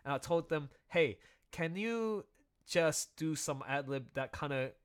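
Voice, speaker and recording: A man chatting excitedly through commentary on his own audio drama, often laughing as he talks. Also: a little high, measured pace, clear, resonant tone. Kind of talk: casual commentary livestream.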